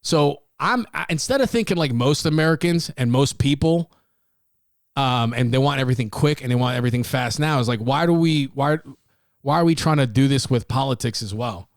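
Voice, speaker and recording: Blunt, gravelly-voiced man podcasting. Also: mid-range voice, a little fast, dry recording, clean studio sound. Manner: blunt and profane, rambling with restarts. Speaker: podcast host. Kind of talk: casual solo podcast monologue.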